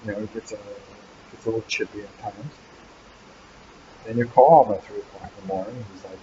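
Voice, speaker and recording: A man's voice: on the low side, fairly even intonation, brisk, long pauses, warm tone, lo-fi sound, slight background noise. A man hosting a casual live Q&A from an animal hospital waiting room, teasing and rambling about his helper. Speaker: channel host.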